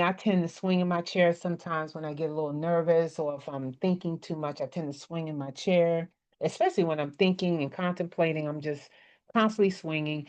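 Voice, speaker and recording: A woman's voice: fairly low pitch, a little mellow, dull audio. A woman leading a casual online workshop, chatty and laughing often as she acts out different tones of voice. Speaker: workshop presenter. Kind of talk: casual teaching talk.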